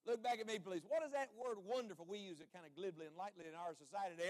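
A man with a fairly high voice preaches a fervent sermon. He swings between booming declarations and near-hushed asides, pressing rhetorical questions and calling for the congregation to say it back. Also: lively intonation, racing, few pauses. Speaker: traveling evangelist preacher.

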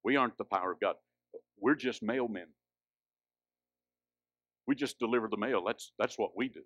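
A man preaching a sermon, swinging from hushed, drawn-out lines to loud, high exhortation. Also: no room sound, clean studio sound.

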